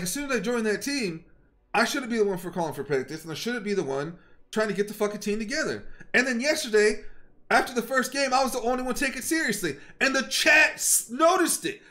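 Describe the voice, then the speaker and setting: A male streamer ranting to his live chat, with a high voice that leaps all over the place. He swears constantly and talks in a confrontational, worked-up rush. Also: expressive, sharp tone. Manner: profane and confrontational; fast, worked-up storytelling. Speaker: game streamer. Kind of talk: heated live-stream rant.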